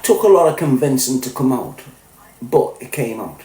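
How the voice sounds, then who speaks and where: A man's voice: medium pitch, big pitch swings, moderate pace, mellow. A man with a Scouse accent hosting a podcast, ranting in crude, joking, mock-aggressive banter. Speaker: podcast host. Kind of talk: casual livestream rant. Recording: roomy echo.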